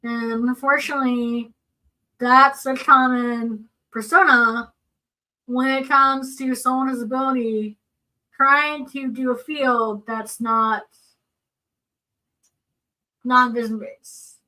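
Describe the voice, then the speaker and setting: A woman co-hosting a casual seminar talk, earnest and explanatory as she works through personal examples. Her voice sits high and bright. She sounds a little distant from the microphone. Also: fairly even intonation, takes it slowly, pauses often. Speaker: seminar co-presenter.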